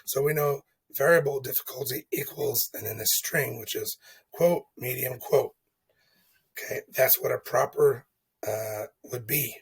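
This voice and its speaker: Guy with a really husky voice walking thru code stuff, chatty, lots of okays and ums. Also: medium pitch, unhurried, low-quality recording. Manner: chatty, thinks aloud with frequent "okay?" and fillers. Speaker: teacher walking through coding exercises. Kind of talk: casual screen-recorded lesson.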